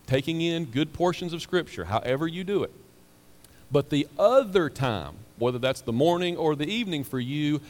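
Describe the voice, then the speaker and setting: A man preaching to his congregation in a conversational, emphatic way, often repeating words for weight. His voice carries a long hall reverb from the church sanctuary. His pitch is average for a man. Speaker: pastor. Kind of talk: sermon.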